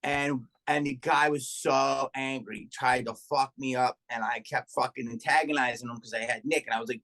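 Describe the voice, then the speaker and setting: A middle-aged man, a comedian and podcast guest, telling profane, animated stories in casual chat and acting out what people said. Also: medium pitch, moderate pace, hardly any pauses. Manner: profane, animated anecdote telling with acted-out quotes.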